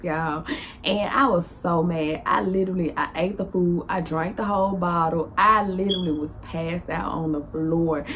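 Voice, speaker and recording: A young woman with a Southern US accent telling a lively storytime to her vlog viewers, laughing and acting out the dialogue with big jumps in pitch. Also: unhurried, faint music behind. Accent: Southern US (Memphis). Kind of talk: animated storytime monologue.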